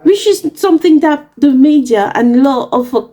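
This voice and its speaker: A young woman from Africa vents to her viewers in a high, bright voice. She speaks with passion and emphasis, and she sounds indignant as she tells her story straight to camera. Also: expressive, moderate pace. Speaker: vlogger. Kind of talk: casual storytelling rant to camera.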